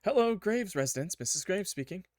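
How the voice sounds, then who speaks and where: A man's voice: high voice, lively intonation, fairly quick, darkish tone, faint music behind, pitched above the performer's own voice. Casting: man playing a bossy middle-aged mom, clipped and stern, game voiceover. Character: strict middle-aged mother, controlling. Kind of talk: game voice acting.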